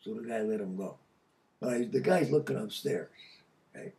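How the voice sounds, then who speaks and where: An older man from Connecticut telling a story casually, profane and animated, laughing mid-sentence. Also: mid-range voice, normal speed, creaky, recorded from a distance. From Connecticut, USA. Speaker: podcast guest.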